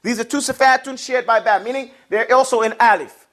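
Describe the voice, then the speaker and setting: High-voiced man teaching a class. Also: fairly even intonation, fairly quick, fairly bright tone. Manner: call-and-response, has the class repeat words; explains patiently, asks the class questions. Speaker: Arabic and Quran recitation teacher.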